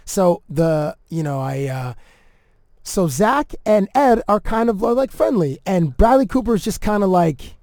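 A man's voice: sits high, a little slow, no echo, studio quality. A man from Canada telling an anecdote in casual chat, acting out quotes with lots of fillers. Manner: animated, acts out quotes, many fillers. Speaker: podcast guest, TV entertainment reporter.

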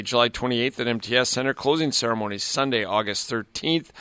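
A man hosting a sports talk radio show, reading promos and introducing callers in a brisk announcer delivery. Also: mid-range voice, sharp tone, smooth, no room sound.

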